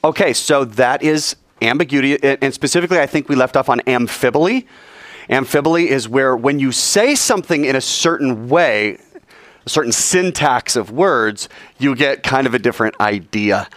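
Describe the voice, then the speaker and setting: A man teaching a classroom lecture, joking with his students in quick asides and acting out quoted arguments in a raised voice. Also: mid-range voice, lively intonation, a bit bright, no echo.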